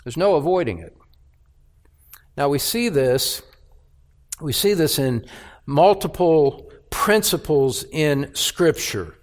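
A man preaching a sermon as pastor, speaking emphatically and repeating key phrases in a measured, deliberate way. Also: on the high side, lively intonation.

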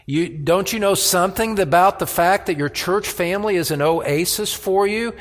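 A pastor preaching a sermon in an earnest, measured way, his voice rising when he voices the psalmist. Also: medium pitch, in a large hall. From United States.

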